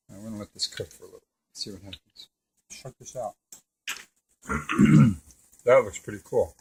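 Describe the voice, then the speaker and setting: A husky, creaky, fairly low voice belongs to a middle-aged man who talks slowly and pauses frequently. While cooking beside a deep fryer with his son, he chats in a relaxed way, telling an animated story punctuated by plenty of laughs.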